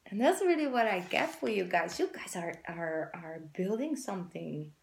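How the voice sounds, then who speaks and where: A woman's voice: fairly low pitch, lively intonation, normal speed, vocal fry, roomy sound. A woman giving a casual tarot reading to her viewers, chatty and rambling, with the odd swear word. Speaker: tarot reader.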